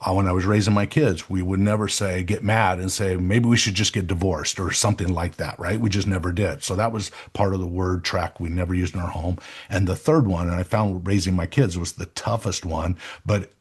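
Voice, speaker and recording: A man's voice: darkish tone, husky. A middle-aged man hosting an interview, talking earnestly and with emphasis about his family's habits. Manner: earnest, emphatic, rising to enthusiastic pitches. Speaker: interview host. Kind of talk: conversational interview.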